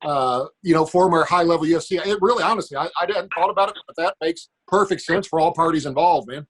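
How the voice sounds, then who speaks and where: A man's voice: on the high side, quick pace, fairly bright tone, breathy edge. A man thinking aloud as a podcast guest, building his case step by step. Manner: thoughtful, reasoning aloud.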